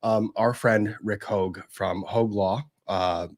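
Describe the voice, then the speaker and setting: A man hosting a casual livestream chat, excitable and quick to laugh. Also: fairly low pitch. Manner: giggly, excitable, laughs often. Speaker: host.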